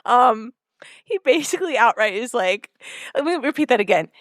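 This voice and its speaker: A woman's voice: fairly high pitch, animated, normal speed, no room sound, studio quality. A woman co-hosting a podcast, recapping a TV episode in casual chat and acting out the characters' lines with lots of laughter. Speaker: podcast co-host.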